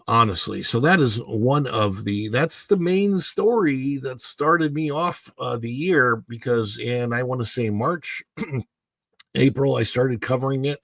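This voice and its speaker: A man's voice: mid-range voice, gravelly, no room sound. A man hosting a solo livestream, giving emphatic, opinionated commentary with frequent halts and restarts. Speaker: host.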